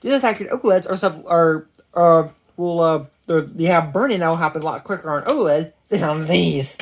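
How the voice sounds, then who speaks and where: Recorded on a phone, this casual product review comes from a medium-pitched tech reviewer. He speaks haltingly and rambles, often restarting and correcting himself.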